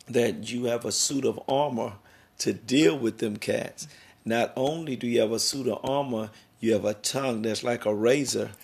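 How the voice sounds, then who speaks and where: During a podcast interview, a middle-aged male host rambles in an emphatic, preachy way on the subjects of worth and family. His voice is mid-range and carries vocal fry.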